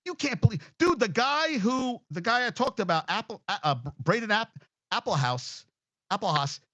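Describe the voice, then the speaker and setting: A man's voice: high-pitched, expressive, moderate pace, pushed and bright, no echo. A man hosting a casual sports talk show, rambling, swearing freely and getting emotional as he talks.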